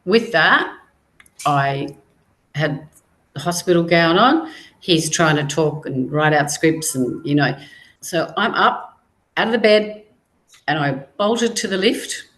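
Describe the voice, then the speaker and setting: A middle-aged woman, a guest on an interview show, telling her personal story in a measured, reflective way with pauses. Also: low voice, expressive, fairly bright tone, low-quality recording. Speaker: guest, cancer survivor and author.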